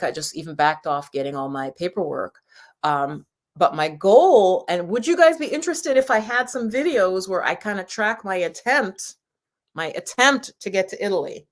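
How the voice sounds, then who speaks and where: A woman's voice: lowish voice, moderate pace. A woman hosting a live stream for her channel, chatting casually with viewers in a rambling, laughing way. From United States. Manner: chatty and warm, with frequent laughs and rambling asides. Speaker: YouTube channel host.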